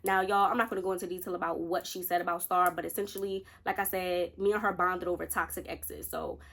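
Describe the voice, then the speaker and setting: A woman's voice: on the low side, lively intonation, fast, a bit bright. A woman in her twenties casually telling a storytime to her viewers, chatty and direct. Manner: chatty, addresses viewers as y'all. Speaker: vlogger.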